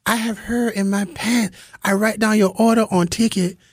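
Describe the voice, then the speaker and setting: A man's voice: high-pitched, steady tone, moderate pace, no echo, studio quality, pitched above the performer's own voice. A man voicing a flustered, apologetic woman restaurant server with a Japanese accent, speaking broken English in short clipped phrases.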